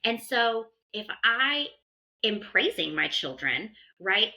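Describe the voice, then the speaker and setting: A woman's voice: a little high, sing-song, slow, vocal fry, pushed and bright, rough recording. A woman behavior analyst earnestly explaining parenting habits on a podcast, sometimes acting out what a parent might say. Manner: earnest, explanatory, acts out parent praise lines. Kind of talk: conversational advice in a podcast.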